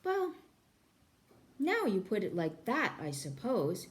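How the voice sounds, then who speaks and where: A woman voicing a dim-witted, sluggish male alien guard in a slow, ponderous drawl. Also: mid-range voice, wildly swooping pitch, voice pushed up. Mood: musing.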